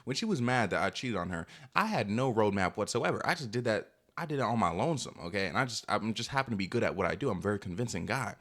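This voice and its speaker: Fast-talking young man telling a story. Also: fairly low pitch, sing-song, fairly bright tone. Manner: rambling, filler-heavy, self-assured. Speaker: vlogger. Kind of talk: storytime vlog.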